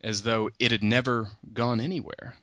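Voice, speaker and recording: A man hosting a podcast, casually retelling a book's story and acting out the characters' lines with a raised pitch. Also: level tone, moderate pace, pushed and bright, dry recording. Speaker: podcast host.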